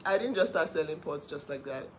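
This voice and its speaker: A middle-aged woman hosting her own live stream, telling her story with animated emphasis. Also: low voice, a little fast, slight background noise. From Nigeria. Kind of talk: casual live-stream monologue.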